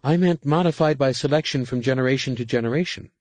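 A man's voice: medium pitch, fast, darkish tone, dry recording, pitched above the performer's own voice, lightly acted. A man doing a servile anxious alien adept. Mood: earnest. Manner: deferential, worried pleading.

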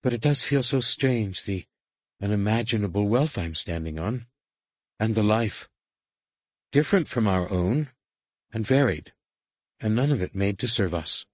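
Humble young alien apprentice woman, voiced by a deep-voiced male reader; deferential, careful, slightly raised from a low husky base. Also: lively intonation, unhurried, pauses often, dry recording. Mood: deferential, cautious. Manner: deferential, cautious. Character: young female adept, humble and cautious.

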